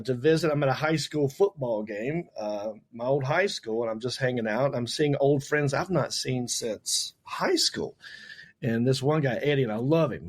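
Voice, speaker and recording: A man's voice: medium pitch, husky. A man from North Carolina with a Southern US accent, a comedian telling stories in a casual chat and acting out what others said. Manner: animated storyteller, acts out others' lines. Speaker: comedian guest.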